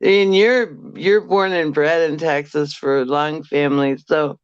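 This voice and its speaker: Slow-talking New woman, smooth voice. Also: deep voice, steady tone, no echo, lo-fi sound. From New York. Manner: chatty, reads out viewer comments. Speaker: livestream co-host. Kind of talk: casual chat.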